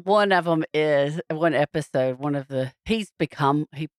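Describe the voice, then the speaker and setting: Low-voiced woman podcast co-host. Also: unhurried, dry recording, clean studio sound. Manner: meandering retelling, acts out quoted lines. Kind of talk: casual chat.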